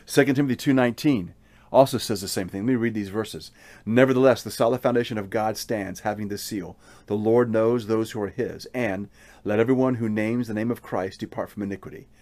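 A man preaching a sermon in an earnest, measured way, often restarting his phrases. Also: on the low side, a little mellow, dry recording.

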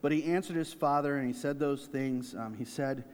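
A man preaching a sermon, swinging between loud, high emphasis and quiet, low asides. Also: normal speed, clean tone, big-room sound. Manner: preaching with big swings in volume and pitch. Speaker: pastor.

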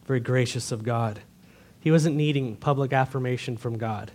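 A pastor delivers a sermon to his church, earnest and direct, posing rhetorical questions to the congregation. His voice is medium-pitched and slightly mellow, with fairly even intonation and a normal pace.

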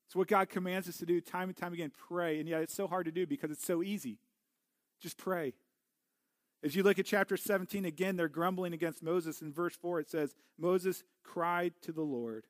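A man's voice: high voice, fairly even intonation, moderate pace, no echo, clean studio sound. A middle-aged man preaching a sermon as a pastor, earnest and often restarting his words. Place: church.

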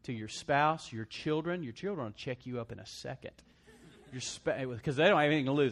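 This pastor's medium-pitched voice is expressive and moves fairly quickly. Between requests for amens from his congregation, he cracks jokes and plays the parts of the people he quotes.

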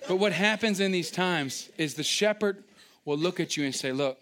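A man delivers a lively sermon in a somewhat high voice. He acts out little scenes with sudden excited outbursts, then drops into quieter, wry asides to the congregation. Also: a little fast. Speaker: pastor.

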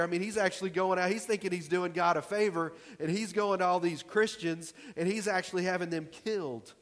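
A male pastor preaching a sermon in a church hall, in a conversational, emphatic way. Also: on the high side. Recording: long hall reverb.

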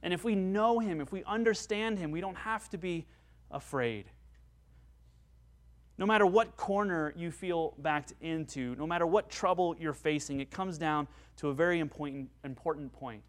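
A male pastor delivering a sermon in an earnest, emphatic way. His voice sits a little higher than most men's, and he climbs higher still when he drives home a point. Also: normal speed. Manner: earnest, emphatic, with rising peaks on key points.

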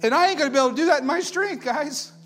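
High-voiced impassioned male preacher. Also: racing, soft background music. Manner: impassioned, rhetorical questions, swings from loud to hushed. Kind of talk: sermon.

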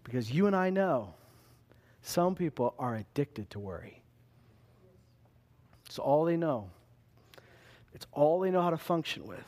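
A pastor preaches a sermon straight to his listeners, speaking a little slowly with long pauses. When he acts out a scene, he turns animated, slipping into panicked voices with big pitch swings.

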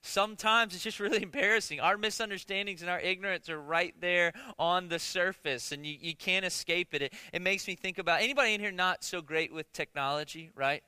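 A man's voice: high-pitched, a little fast, hardly any pauses, pushed and bright, clear, resonant tone, no echo. A man preaching a conversational sermon as pastor, joking with the congregation, stumbling into restarts and often asking "right?". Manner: conversational, jokey, many restarts and rhetorical "right?".

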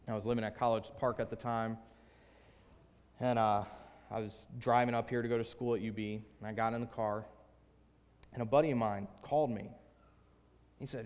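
A young man preaching a sermon with a personal testimony and prayer, earnest and shifting from hushed to emphatic. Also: medium pitch, normal speed, pauses often, in a large hall. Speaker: pastor. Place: church sanctuary.

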